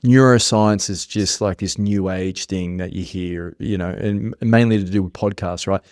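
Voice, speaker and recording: A man's voice: deep voice, fairly even intonation, normal speed, darkish tone, no room sound, clean studio sound. A man hosting a podcast, thinking aloud hesitantly with plenty of fillers. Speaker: podcast host. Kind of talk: casual podcast conversation.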